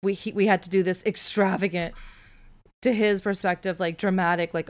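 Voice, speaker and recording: Smooth-voiced woman, chatty storyteller. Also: mid-range voice, moderate pace. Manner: animated storyteller, filler-heavy "like". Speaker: podcast co-host. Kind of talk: casual chat.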